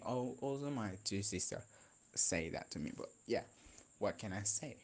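A man's voice: fairly low pitch, expressive, moderate pace, darkish tone. A young man whose first language is Spanish, venting in a casual vlog, rambling and swearing with many fillers and restarts. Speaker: vlogger.

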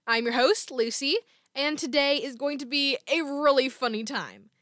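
A chatty woman hosting her own podcast in a relaxed, self-deprecating way. Her voice sits a little high and sounds close and dry, with no room echo. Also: normal speed. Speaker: podcast host. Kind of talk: casual podcast chat.

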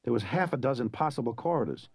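A man narrating a story in an expressive, dramatic way. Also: medium pitch, fast, creaky, slightly rough, no echo. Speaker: audiobook narrator.

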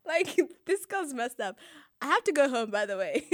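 A young woman with a high, bright-sounding voice chats casually and tells a long story. She laughs often and slips into quick impressions of the people in it. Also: sing-song, no room sound, studio quality. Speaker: guest telling a story. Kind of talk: casual chat.

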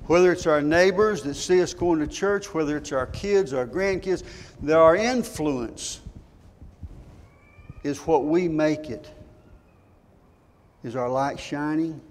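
A man's voice: on the high side, slow pace, long pauses. An older man preaching a sermon, telling folksy stories and asking his congregation rhetorical questions. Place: church sanctuary. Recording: church hall reverb.

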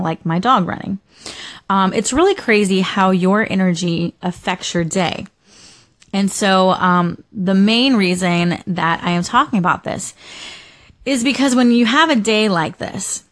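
A young adult woman vlogging casually about her day, rambling with lots of fillers and restarts. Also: on the low side. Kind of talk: casual personal storytelling.

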